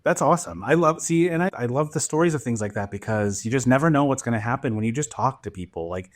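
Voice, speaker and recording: A man's voice: medium pitch, lively intonation, quick pace. A man hosting a podcast, asking questions in a casual, curious way with many fillers. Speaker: podcast host. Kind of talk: casual interview chat.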